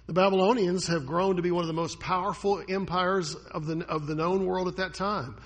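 A man preaching a sermon with a husky voice, swinging between loud dramatic bursts and hushed lines. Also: high voice, steady tone, a little fast. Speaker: pastor.

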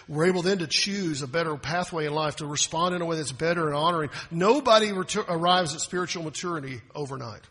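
A pastor preaching a sermon, a man with a fairly high, forceful and slightly husky voice. He leans on rhetorical questions and swings between loud bursts and hushed lines. His voice rings out with a long reverb, as in a large hall.

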